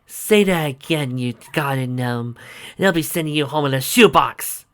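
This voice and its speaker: A reader puts on a proud, sharp-tongued elf archer woman who snaps threats at anyone who annoys her. The storybook voice sits higher than the reader's own and rings bright. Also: normal speed, natural voice. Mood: threatening. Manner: scornful, threatening.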